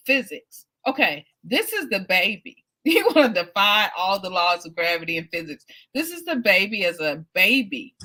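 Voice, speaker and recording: A middle-aged woman hosts a casual interview and drifts into long family anecdotes, peppered with ums. Her voice is bright and sharp. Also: lowish voice. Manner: chatty, rambling anecdotes with fillers. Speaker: host.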